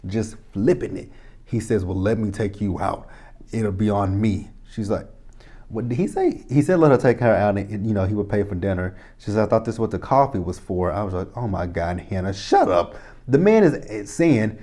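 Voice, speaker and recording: A man's voice: fairly low pitch, mellow. Profane, rambling man recapping a TV episode. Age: 30s. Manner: rambling, profane, exasperated asides. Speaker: TV episode reviewer. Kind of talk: casual recap and commentary.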